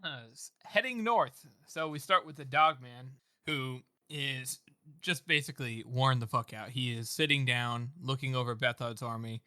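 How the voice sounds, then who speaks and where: A man's voice: mid-range voice, moderate pace, sharp tone, dry recording, clean studio sound. A man co-hosting a podcast, rambling through a chapter summary in casual chat full of fillers and swearing. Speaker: podcast co-host. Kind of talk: casual book-club chat.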